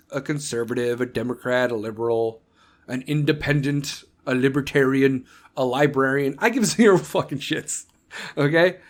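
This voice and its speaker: A man who is an American combat veteran, hosting a solo podcast and ranting with heavy profanity. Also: medium pitch. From United States. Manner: mocking voices when quoting others. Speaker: podcast host.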